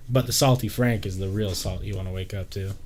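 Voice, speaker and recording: A man's voice: deep voice, steady tone, fairly quick, darkish tone. Joking young man trading profane banter. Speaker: podcast co-host. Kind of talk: casual chat.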